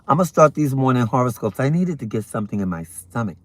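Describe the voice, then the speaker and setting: A man casually chatting on his morning livestream, animated and talking while he eats breakfast. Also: medium pitch, fast talker, slight background noise. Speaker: livestream host.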